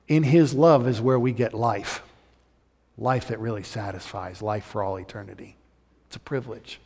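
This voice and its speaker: A man preaching a sermon as pastor, swinging from loud urgent emphasis to soft, intimate appeals. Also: mid-range voice, in a large hall.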